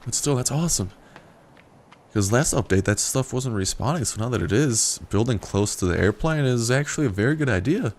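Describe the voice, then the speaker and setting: A man's voice: mid-range voice, expressive, brisk. Young man joking through gameplay. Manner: playful, joking, profane asides. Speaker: gameplay commentator. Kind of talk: casual let's-play commentary.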